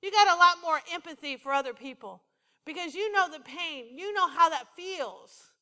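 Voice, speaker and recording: A woman's voice: sits high, sharp tone, in a large hall. A middle-aged woman pastor preaching a conversational sermon, repeating phrases for emphasis.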